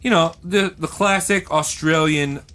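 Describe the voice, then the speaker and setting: A man's voice: fairly high pitch, a little slow. A man co-hosting a comedy podcast, telling an improvised, rambling story in a playful way. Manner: rambling, animated, playful with silly voices. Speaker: podcast co-host.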